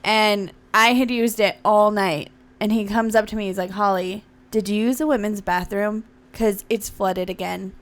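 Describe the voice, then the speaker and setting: A woman's voice: mid-range voice, steady tone. A woman in easygoing podcast banter. She tells her own stories and teases her co-hosts. Her voice sits in the middle of the usual range. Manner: chatty, teasing, quick to laugh. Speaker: podcast co-host. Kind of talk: casual chat.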